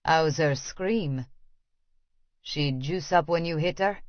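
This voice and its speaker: A woman puts on a leering, wealthy man with a faint French accent, smooth and insinuating. His voice sits low and unhurried. The recording is dry and a little dull. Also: dry recording.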